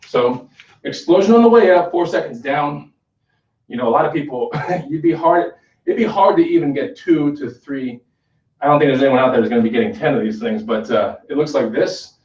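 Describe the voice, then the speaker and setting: A man's voice: medium pitch, darkish tone. Man coaching from afar in echoey gym. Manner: conversational, checks in with "okay?" often. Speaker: fitness instructor. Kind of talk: casual workout demonstration. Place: gym, indoors. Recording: echoey gym from far off, dull.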